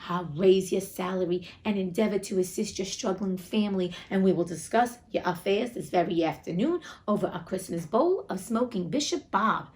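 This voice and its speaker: Gruff, stern old miser boss for a storybook read-aloud, voiced by a woman. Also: mid-range voice, normal speed, hardly any pauses, a little mellow, close to an everyday voice. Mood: jovial. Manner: growling, stern. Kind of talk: storybook reading.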